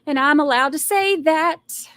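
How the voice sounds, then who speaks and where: A woman's voice: high-pitched, a little slow, a bit bright, no room sound. Sassy, blunt woman ranting about a trial. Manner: exasperated sighs and rants. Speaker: trial commentary livestream host. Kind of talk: casual live commentary, reading viewer comments.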